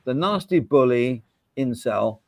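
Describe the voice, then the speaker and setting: A man's voice: mid-range voice, expressive, unhurried, a crowd in the background. Beery man chatting on stream. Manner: rambling, laughing, swearing, drinking beer. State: hiccups. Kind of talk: casual chat on a live stream.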